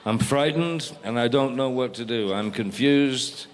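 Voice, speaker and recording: A man's voice: medium pitch, unhurried, a little hiss or hum, natural voice. An actor playing a frightened, confused man, in a clip played from a film, pleading shakily.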